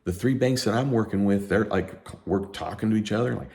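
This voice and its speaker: A middle-aged accountant talking to camera in a heated, emphatic rant, sleep-deprived and worked up. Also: male voice, on the low side, brisk, vocal fry. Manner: emphatic, ranting, animated. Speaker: accountant and tax educator. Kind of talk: heated unscripted talk to camera.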